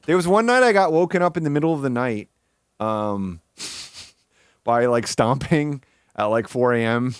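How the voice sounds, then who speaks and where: A man's voice: on the high side, moderate pace, clean tone, no echo, studio quality. Rambling young man on a live stream. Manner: rambling, with many fillers and restarts. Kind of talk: casual live-stream chat.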